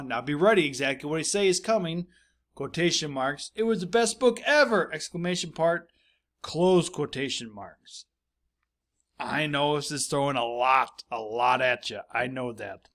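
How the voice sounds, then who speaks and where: A man's voice: on the high side, a bit bright. A male teacher giving a recorded grammar lesson, explaining patiently, repeating his points and reading example sentences aloud.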